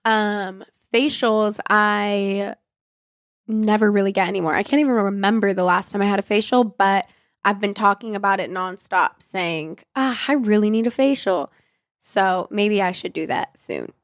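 A woman's voice: medium pitch, creaky, dry recording, studio quality. A young woman hosting a casual question-and-answer chat, nasal from being sick, frank and chatty, swearing casually. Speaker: podcast host.

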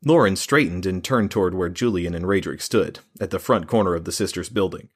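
A man reading a fantasy novel aloud as an audiobook narrator, in a steady, measured way. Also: deep voice, breathy edge.

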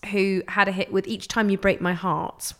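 A woman's voice: mid-range voice, little pitch movement, normal speed, a bit bright. Woman, podcast co-host, casual chat, wry, playful.

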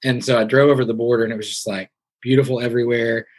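A man's voice: medium pitch, fast talker. A man from Southwest Missouri, a podcast host being interviewed, chatting casually and animatedly acting out the people in his story. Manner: chatty, animated retelling with quoted voices.

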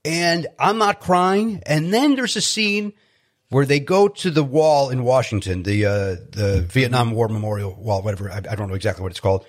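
Telling casual stories as a guest, the Chicago comedian pokes fun at himself with animated energy and keeps restarting his sentences. Pitch is medium and his speed is normal.

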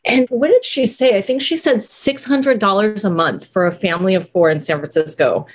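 A middle-aged woman co-hosting a casual chat, telling stories in a lively, animated way with frequent laughs. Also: medium pitch, normal speed. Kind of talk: casual conversation.

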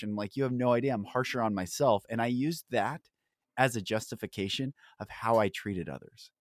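A man's voice: medium pitch, dry recording, clean studio sound. A man hosting a podcast, talking in an earnest, emphatic way and pressing hard on key words. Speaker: podcast host. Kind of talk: candid podcast conversation.

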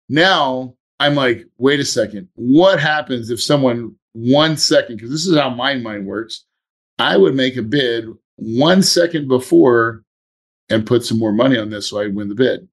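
Man, podcast host, casual storytelling, animated, mid-pitched voice. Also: measured pace. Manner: animated, acts out his own inner voice.

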